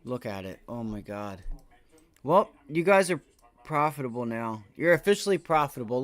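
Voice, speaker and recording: A man's voice: mid-range voice, moderate pace. A man commenting live on his trades during a stock trading stream, swearing often and rambling. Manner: profane, excitable, rambling. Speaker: livestream day trader.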